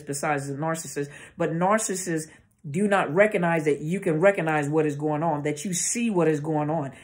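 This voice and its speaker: A woman therapist giving an informal educational talk to camera, conversational and often searching for words with restarts. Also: lowish voice. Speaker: therapist speaking on narcissistic abuse. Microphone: camera mic.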